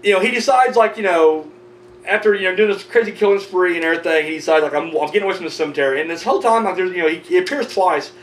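A man's voice: high-pitched, fast talker. A man reviewing a horror film in a loose, profane plot recap, full of "you know" and "like". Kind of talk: casual rambling plot recap. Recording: roomy, distant mic with faint hum.

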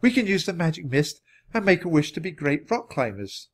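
A man doing a high eager young girl. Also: fairly quick. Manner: excited, pleading, high-pitched.

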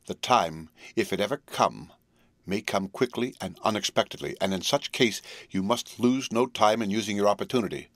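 A man's voice: on the low side, moderate pace, no room sound, close to an everyday voice. A man reading a solemn, devoted young wife. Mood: solemn, pleading. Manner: earnest, pleading and tender.

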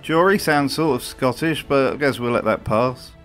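A man's voice: medium pitch, moderate pace, a bit bright, soft background music. A man delivering comedic scripted commentary in a dry, sardonic way. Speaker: video host.

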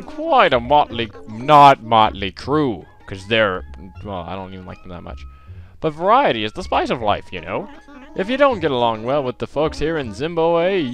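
A man's voice: medium pitch, fairly bright tone. A man voicing a bossy male raccoon shopkeeper with a poor put-on British accent. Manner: bossy and theatrical.

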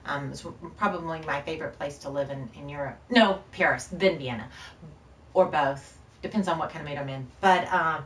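A woman's voice: deep voice, normal speed. Chatty woman streaming, roomy and distant. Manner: scattered, rambling, chatty with viewers. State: short on sleep. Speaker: game streamer. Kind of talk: casual live-stream chat while gaming.

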